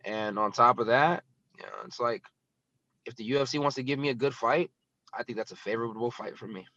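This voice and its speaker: Fast-talking man, blunt and rambling. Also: mid-range voice, sharp tone, dry recording, dull audio. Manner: blunt, rambling, filler-heavy. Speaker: guest fighter. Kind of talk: casual interview talk.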